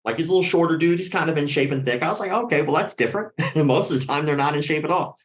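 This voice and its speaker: A man's voice: on the high side, very fast, reverberant. A man telling a story casually and with lots of swearing, acting out the voices of the people he quotes. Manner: animated, profane, acts out quoted voices.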